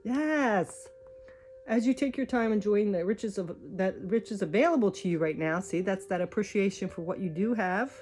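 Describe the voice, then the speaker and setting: A woman's voice: medium pitch, fairly quick, few pauses, a little mellow. A woman reading oracle cards, chatty and encouraging, thinking aloud as she goes. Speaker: tarot card reader. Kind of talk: spiritual card reading. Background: faint music.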